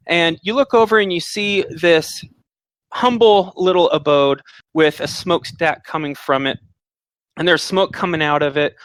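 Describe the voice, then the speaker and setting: Man as dungeon master, slightly high voice, dry close mic, chatty and explanatory. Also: moderate pace, a bit bright, dry recording, rough recording. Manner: explanatory, with filler words. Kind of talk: narrating a tabletop game.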